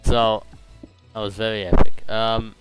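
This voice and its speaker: A man's voice: fairly low pitch, little pitch movement, unhurried, music in the background. A young British man streaming a game, chatting in a rambling, jokey way full of fillers. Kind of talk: casual gaming stream chat.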